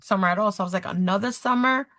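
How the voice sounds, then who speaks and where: Racing along in a mid-range voice, a thirty-something woman on a podcast tells a casual personal story. She's a guest who acts out the quoted lines with animation and talks with her hands.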